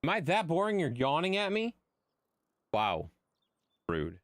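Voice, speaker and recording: A man's voice: a little high, huge pitch swings, unhurried, no echo, clean studio sound. A man chatting casually to his viewers during a livestream, rambling and swearing freely. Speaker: game streamer.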